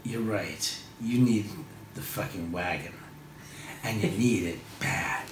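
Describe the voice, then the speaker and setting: A man's voice: sits low, takes it slowly, slight background noise. A man bantering with friends, mock-scolding and teasing with lots of swearing. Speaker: friend on vlog. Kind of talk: casual joking banter. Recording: roomy, music behind.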